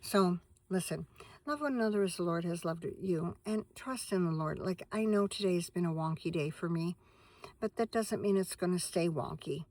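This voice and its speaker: Gravelly chatty woman vlogging from her van. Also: lowish voice, moderate pace, a little mellow, no room sound. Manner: rambling, chatty, talks to her dog in between. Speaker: vlogger and minister. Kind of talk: casual chat to camera. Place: inside a parked van at night.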